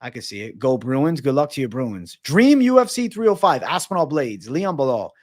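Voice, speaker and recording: A man's voice: mid-range voice, very animated, normal speed. A man hosting a casual fight-sports livestream, reading out chat questions and answering with frequent swearing. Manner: profane, casual, reads chat questions aloud. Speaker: MMA livestream host.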